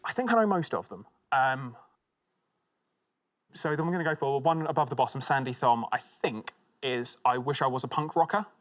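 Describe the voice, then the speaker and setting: A man's voice: mid-range voice, normal speed, fairly bright tone. A man from Essex, chatting in a matter-of-fact, slightly hesitant way as a TV quiz contestant. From Essex, England. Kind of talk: casual chat. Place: TV studio.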